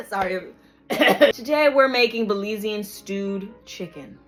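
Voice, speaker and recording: A woman's voice: medium pitch, animated, slow, faint music behind. Playful woman hosting a cooking vlog. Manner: playful, joking asides to viewers. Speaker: cooking show host.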